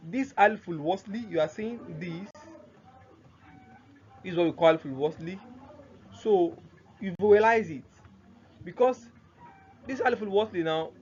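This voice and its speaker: A man's voice: high-pitched, a little mellow. Man teaching grammar with frequent rhetorical questions. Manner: asks questions and answers them himself, repeats key terms. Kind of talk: classroom grammar lesson. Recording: muffled lo-fi sound, faint noise.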